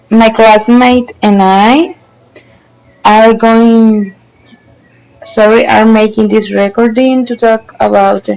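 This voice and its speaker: A young woman whose first language is Spanish, giving a student presentation on intonation, slow and careful with many pauses. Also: mid-range voice, gravelly, low-quality recording. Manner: slow, careful, pausing often.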